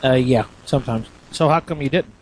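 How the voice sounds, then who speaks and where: A man's voice: medium pitch, fairly quick, slight background noise, low-quality recording. A man hosting a live radio show, chatting casually and easygoing while he works the equipment.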